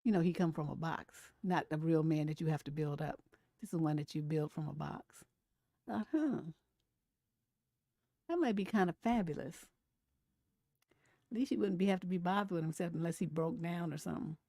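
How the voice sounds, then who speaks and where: A woman's voice: sits low, moderate pace, creaky, pauses often, warm tone, no room sound, clean studio sound. Blunt, profane woman livestream host. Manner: blunt, profane storytelling with frequent laughs. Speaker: relationship coach and live stream host. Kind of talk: casual livestream commentary.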